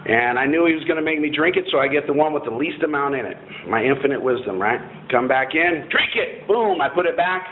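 A man's voice: on the high side, expressive, fairly quick, hardly any pauses. A man telling a personal story to an audience in a blunt, self-mocking and profane way. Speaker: former Marine telling his story. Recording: tinny phone-like line, faint noise.

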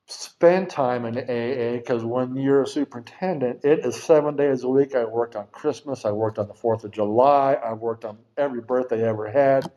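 A middle-aged man shares his recovery story in a loose, rambling way. He is blunt and drops the odd swear word. His voice sits at an ordinary pitch, and the recording sounds dull and lo-fi. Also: darkish tone. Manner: rambling, frank, swears casually. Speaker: speaker sharing a recovery story. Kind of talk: personal testimony at a recovery meeting.

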